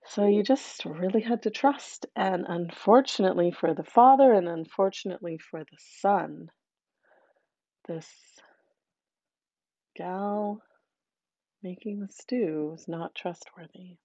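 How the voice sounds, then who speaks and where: A woman telling a dark fairy tale aloud, animated, dropping in chatty asides to her listeners. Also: medium pitch, slow, pauses often, no room sound, muffled recording. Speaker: storyteller.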